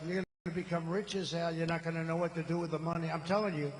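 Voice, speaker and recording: A man's voice: fairly high pitch, level tone, fast, in a large hall, slight background noise, low-quality recording. Older man rambling at a rally. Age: 70s. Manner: rambling, off-the-cuff, boastful. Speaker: political candidate. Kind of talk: campaign rally speech. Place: large rally venue. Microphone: stage microphone.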